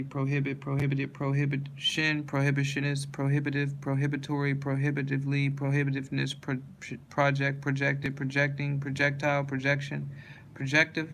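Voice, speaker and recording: A man reading a long dictionary word list aloud, one word after another in a steady monotone, restarting words he stumbles on. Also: medium pitch, creaky, a little hiss or hum.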